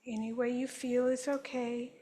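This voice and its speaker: A woman presenter at a conference, leading the audience through a guided group exercise in measured phrases they repeat after her. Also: fairly high pitch, level tone, dark tone, poor audio. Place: conference session room.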